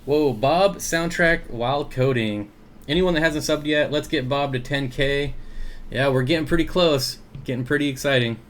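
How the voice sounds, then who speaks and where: A man's voice: medium pitch, moderate pace. A man hosting an aquarium livestream in easygoing, casual chat. He reads viewer comments aloud, greets people by name and chuckles often.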